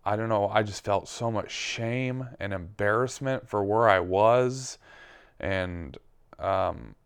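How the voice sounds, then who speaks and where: A man speaking from the pulpit, telling his own story with candid, reflective pauses and frequent fillers. His voice sits a little low and sounds smooth and clear, and he takes his time. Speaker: preacher. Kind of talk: personal testimony sermon.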